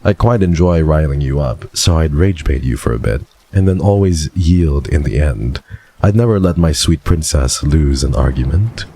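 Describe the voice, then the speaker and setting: Man playing a suave flirt, smug, teasing, purring, very low voice. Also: expressive, normal speed, mellow, slightly rough, heavily acted. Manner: suave, purring, calls the listener kitten. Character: smug flirtatious man who charms and teases. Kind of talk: dramatic reading in a put-on voice.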